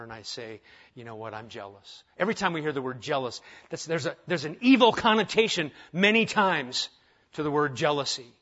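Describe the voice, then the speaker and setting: A man's voice: medium pitch, a bit bright, lo-fi sound. A male pastor preaching a conversational sermon, full of rhetorical questions and humorous asides.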